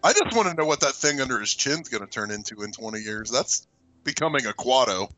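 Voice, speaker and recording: A man's voice: medium pitch, expressive, a little fast, pushed and bright, dull audio, faint music behind. A man co-hosting a casual movie commentary, making wry offhand remarks. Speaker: podcast co-host.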